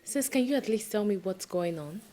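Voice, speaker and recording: A woman's voice: medium pitch, lively intonation, a little fast, warm tone, a little hiss or hum, lightly acted. An actress playing a persistent woman who presses her sister with reproachful questions.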